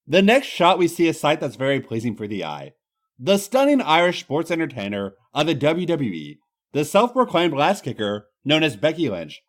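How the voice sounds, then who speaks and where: A man's voice: fairly high pitch, wildly swooping pitch, moderate pace. A man hosting a comedy show, reading a story aloud in a theatrical, mock-dramatic style. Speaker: host reading fan fiction aloud.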